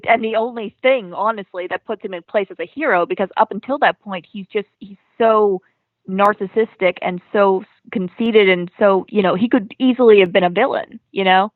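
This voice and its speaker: A woman's voice: mid-range voice, moderate pace, dry recording. Woman on a tinny, phone-like line. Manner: chatty, many ums and you-knows. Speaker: comic creator guest. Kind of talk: casual interview chat.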